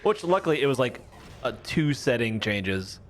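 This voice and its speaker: A man's voice: mid-range voice, sing-song, moderate pace, faint music behind. Chatty young man streaming a game. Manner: rambling, chatty, self-mocking. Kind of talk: casual gameplay commentary.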